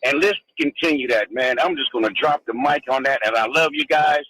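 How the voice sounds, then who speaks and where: A man's voice: mid-range voice, a little fast, a bit bright, slight background noise, rough recording. A man calling a sports radio show, laid-back and slangy, saying "man" a lot. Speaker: caller.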